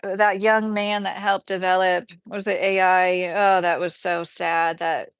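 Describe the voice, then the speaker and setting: A woman's voice: fairly low pitch, level tone, unhurried, smooth, dry recording. A woman with a Kentucky accent hosting a livestream, chatting in a rambling way with lots of fillers. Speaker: livestream host. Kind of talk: casual livestream chat.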